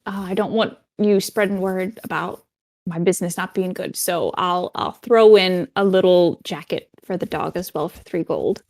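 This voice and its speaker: A woman's voice: lowish voice, normal speed, a little mellow, natural voice. A woman voicing a shifty male animal seller who talks evasively. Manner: evasive merchant talk.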